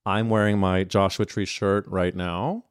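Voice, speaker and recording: Campy podcast host, smooth deep voice. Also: male voice, fairly even intonation, measured pace, no echo, studio quality. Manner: campy, teasing, playful. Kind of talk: casual chat.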